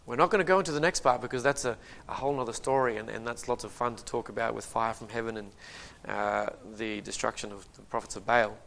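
Man preaching with lively humor. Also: mid-range voice, fast, vocal fry, hardly any pauses. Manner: lively, humorous retelling with acted-out quotes. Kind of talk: sermon with storytelling.

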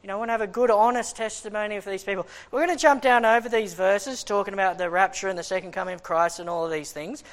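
A man preaching a sermon and reading scripture, telling personal stories with lots of restarts. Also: high-pitched. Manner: animated storytelling with many restarts; reads scripture in a raised, deliberate voice. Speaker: preacher and schoolteacher.

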